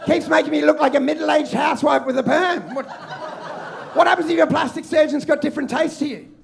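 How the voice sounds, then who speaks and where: An Australian man performing a loud, ranting stand-up set on a comedy club stage, often shouting. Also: very high voice, fairly quick, vocal fry.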